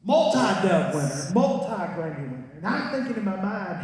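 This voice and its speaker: A comedian's high-sitting, very animated voice moves at normal speed as he spins folksy yarns, lands punchlines and chats with the crowd. The recording was made from far back in the audience of a big concert hall, so the stage mic sounds distant and the hall echoes.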